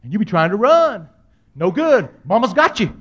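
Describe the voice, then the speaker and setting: A middle-aged man delivers a storytelling sermon full of humor. His voice sits high for a man, and he swings between loud, dramatic bursts and quiet, hushed asides. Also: very animated, moderate pace, slightly rough, muffled recording. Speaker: preacher.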